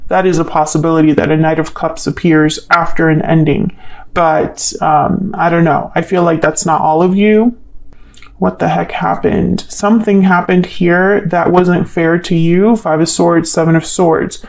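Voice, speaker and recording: A woman's voice: on the low side, steady tone, a little slow, a little mellow, rough recording. A woman giving a solo tarot love reading, thinking aloud in a hesitant way and asking the cards questions as she goes. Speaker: tarot reader.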